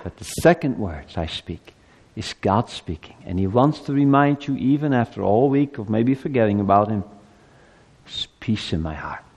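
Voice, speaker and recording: A man in his fifties delivers a Christmas sermon in a church with a lively, swinging pitch. He drops to hushed asides and then climbs to loud, ringing peaks. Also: moderate pace, breathy edge, long reverb tail. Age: 50s. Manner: animated preaching, rising loud on climaxes, dropping to soft asides. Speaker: pastor.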